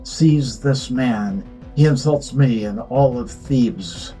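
A man voicing an arrogant young king who mocks, threatens and shouts. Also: lowish voice, a little slow, faint music behind, close to an everyday voice. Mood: angry, mocking.

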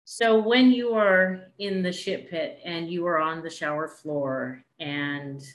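A woman's voice: fairly low pitch, slow pace, echoey room. A woman hosting her podcast, gushing and emotional, with casual swearing in her talk. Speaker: podcast host. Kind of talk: casual interview chat.

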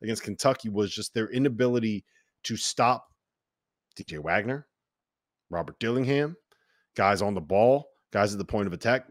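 Low-voiced podcast host, dry sound. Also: male voice, dry recording. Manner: energetic, leading the segment. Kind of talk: casual sports chat.

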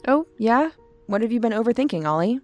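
A woman's voice: fairly high pitch, sing-song, brisk, darkish tone, faint music behind. A woman playing a guarded, wry young woman.

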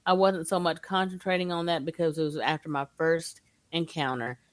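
A woman, a guest telling her story in a casual, animated way. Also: sits low, fairly quick, no echo.

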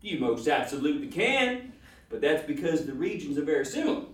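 A man playing a crude, deadpan ranger sidekick. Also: fairly high pitch, brisk. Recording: roomy, distant-mic recording.

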